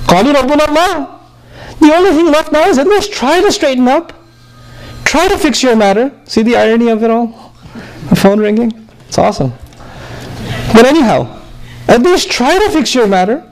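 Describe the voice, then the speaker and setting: A man giving a conversational Quran lecture, lively and humorous, telling stories to draw his listeners in. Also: extremely high pitch, a little fast, poor audio. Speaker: Quran teacher.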